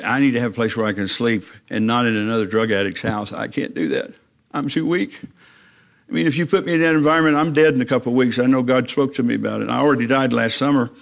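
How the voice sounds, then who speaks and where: An older man giving a testimony from the pulpit in a plain, down-to-earth way. He tells his story with the back-and-forth talk in it, and his voice climbs when he gets worked up. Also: creaky. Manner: plain-spoken storytelling, acting out his own dialogue with rising pitch when emotional. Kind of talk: personal testimony in a church talk.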